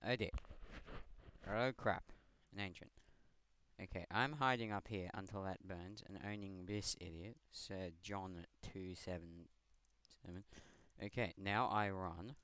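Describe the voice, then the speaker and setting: A man's voice: deep voice, fairly even intonation, measured pace, fairly bright tone, clean tone. A teenage man from Scotland with a Scottish accent, giving rambling, self-mocking game commentary over a headset mic, swearing often. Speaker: gamer. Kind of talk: gameplay commentary.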